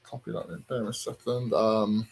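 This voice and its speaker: A man's voice: on the low side, flat delivery, normal speed, gravelly, darkish tone, slight background noise. Chatty man hosting a livestream. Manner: reads viewer comments aloud, chatty and hesitant. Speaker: host. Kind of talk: casual livestream chat.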